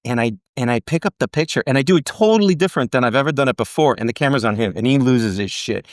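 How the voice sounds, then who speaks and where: A middle-aged actor guest races through career anecdotes in a casual interview, talking fast with hardly any pauses in a medium-pitched voice. He's an animated storyteller who acts out whoever he quotes. The sound is dry, clean studio audio.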